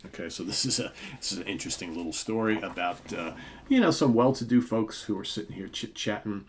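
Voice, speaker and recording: A man in his fifties hosts a comic book podcast, giving casual show-and-tell commentary in a low, brisk voice. He rambles with lots of fillers, asides, and tag questions, and there's a little hiss or hum on the recording.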